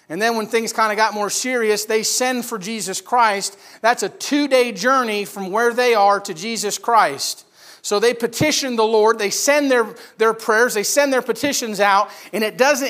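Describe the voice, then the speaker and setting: A man preaching a sermon, retelling a scripture story vividly with rhetorical questions and swings between loud emphasis and hushed lines. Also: high-pitched. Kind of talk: expository sermon.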